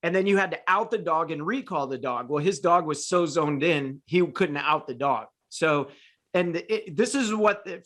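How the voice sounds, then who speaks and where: A man with a voice on the high side and a fairly bright tone hosts a casual talk show. A podcast host and dog trainer, he tells long, rambling stories full of restarts and fillers in relaxed conversation.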